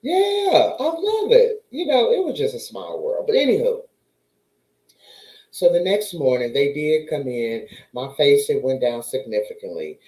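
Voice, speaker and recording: A woman tells a story in a lively, animated way, her pitch leaping up and down as she acts out each person in it. Her voice sits in a mellow, darker tone. The sound is roomy, with a noticeable echo around her. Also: normal speed. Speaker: vlogger. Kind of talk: casual storytime chat.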